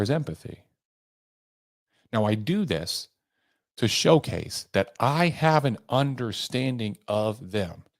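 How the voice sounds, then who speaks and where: A man at medium pitch hosts a motivational solo podcast as a sales trainer, coaching listeners emphatically. He changes pace and tone for effect, recorded in echo-free studio quality.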